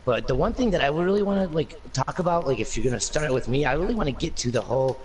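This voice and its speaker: A man's voice: fairly high pitch, expressive, fast, darkish tone. A man guesting on a casual gaming discussion, thinking aloud with lots of fillers. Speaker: guest panelist. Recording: distant mic with faint noise.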